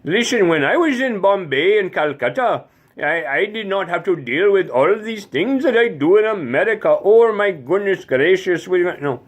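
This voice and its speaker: A man's voice: high voice, expressive, normal speed, voice pushed up. A man voicing an indignant male shopkeeper with an Indian accent, scolding and exasperated.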